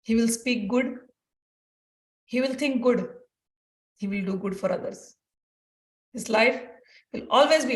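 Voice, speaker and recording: Woman, earnest devotional teacher who repeats her points; fairly high voice, mic at a distance. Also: a little slow, pauses often, roomy sound. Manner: earnest, repeats phrases for emphasis. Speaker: spiritual teacher. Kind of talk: devotional teaching talk with personal stories.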